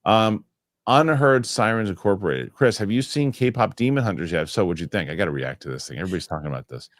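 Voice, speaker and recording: A low-voiced man hosts a live talk show and reads viewer comments aloud, one after another. He rambles and restarts his sentences, and he gets heated over small pet peeves. The sound is dry and close, with no room in it. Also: expressive, fast talker, no echo. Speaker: show host.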